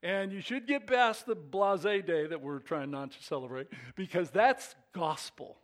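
A middle-aged man preaches a sermon in a voice a touch higher than most men. He drops to hushed, low asides, then climbs to emphatic, excited peaks as a pastor. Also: normal speed.

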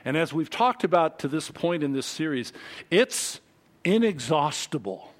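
A middle-aged man preaching a sermon, telling a childhood story in an animated way, swinging from loud to quiet. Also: a little high, measured pace. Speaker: pastor.

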